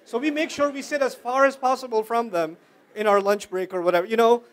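A man giving a religious talk to a young audience, telling stories with big swings from quiet to loud and asking listeners questions. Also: very high-pitched, a little fast. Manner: animated storyteller with wide swings in loudness; conversational, asks listeners questions. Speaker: Islamic lecturer.

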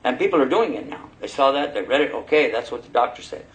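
A man preaching a sermon, telling personal stories in a lively way and laughing as he goes. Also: medium pitch, fast talker, poor audio. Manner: animated, laughing storyteller. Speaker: Muslim preacher.

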